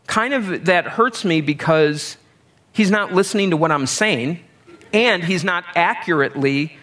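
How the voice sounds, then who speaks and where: A middle-aged man preaches in a relaxed, conversational way. His voice sits a little higher than most men's. He leans on self-deprecating humor and homely examples to make his point. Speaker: pastor. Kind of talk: sermon.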